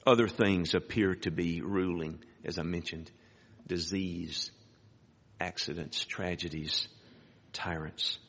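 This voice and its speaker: A man preaching a sermon. He reads scripture aloud and rises sharply in pitch on emphatic words. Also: steady tone, slow pace, fairly bright tone, slightly rough. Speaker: pastor. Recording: hall reverb.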